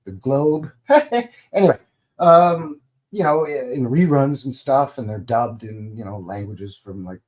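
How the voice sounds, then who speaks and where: A man's voice: mid-range voice, a little slow, a little mellow. A middle-aged man from Canada hosting a live stream, chatting casually in a rambling, folksy way. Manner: rambling and folksy, many fillers and restarts.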